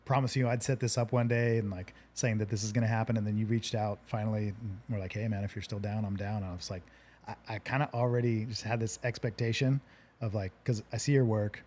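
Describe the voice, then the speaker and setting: A man hosting a relaxed interview, earnest and reflective, often restarting his sentences. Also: fairly low pitch, fast talker, a little hiss or hum. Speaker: podcast host. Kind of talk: casual interview chat.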